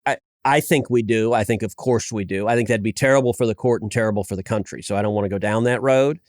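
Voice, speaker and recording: A man's voice: fairly low pitch, fast talker, no echo, studio quality. A man in his forties, a senator and podcast host, chatting casually and telling anecdotes with self-mocking humor. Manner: anecdotal storyteller who laughs at himself. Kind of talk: casual chat.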